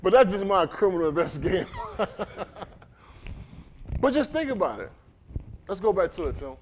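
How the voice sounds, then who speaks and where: A man's voice: high-pitched, normal speed, slight background noise. A man preaching a livestreamed sermon in a conversational way, often putting questions to the congregation. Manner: animated, conversational, quizzes the congregation.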